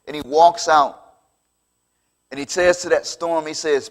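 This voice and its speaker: A man's voice: fairly high pitch, steady tone, normal speed. A man preaching a conversational sermon, acting out the dialogue of the story. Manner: conversational, acts out biblical dialogue.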